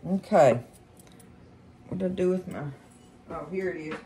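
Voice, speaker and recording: A woman's voice: fairly low pitch, moderate pace, noisy background. A woman hosting a casual home cooking demonstration in her kitchen, chatting folksily and calling her viewers y'all. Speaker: cooking show host.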